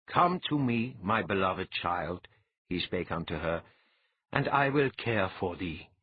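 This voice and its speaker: A man narrating a fantasy audiobook in a measured, old-fashioned storytelling manner. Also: on the low side, breathy edge, dry recording. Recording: muffled, narrow phone-like sound.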